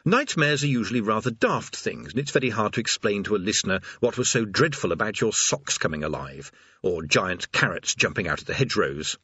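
A male narrator tells a comic fantasy tale with dry wit. His husky voice rises and falls in a lively way, heard close and dry on a slightly dull, lo-fi recording. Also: lowish voice, fairly quick, no room sound. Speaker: audiobook narrator.

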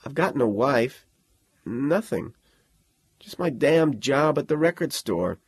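A man's voice: mid-range voice, sing-song, slow pace, slightly rough, voice pushed up, heavily acted. A man voicing a weary, bitter store clerk. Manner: hesitant, then bitter and defiant.

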